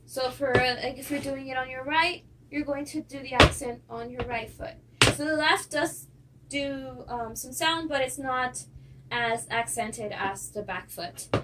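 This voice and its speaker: A woman's voice: high-pitched, a little slow. A young woman teaching a folk dance lesson, counting steps aloud, with small laughs and fillers. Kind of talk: instructional lesson. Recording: distant mic with clear noise.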